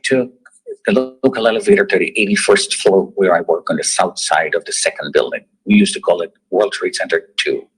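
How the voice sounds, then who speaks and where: A middle-aged man recounting a personal survival story in slow, halting sentences with long pauses. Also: sits low, breathy edge, rough recording. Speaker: survivor giving a testimony. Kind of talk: personal story told to students.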